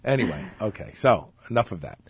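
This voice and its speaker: Guy cohosting a podcast, talks all over the place pitch-wise, dry close sound, kinda opinionated. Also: brisk, gravelly, husky, no echo. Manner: animated, opinionated, frequent restarts. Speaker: podcast co-host. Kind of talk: casual chat.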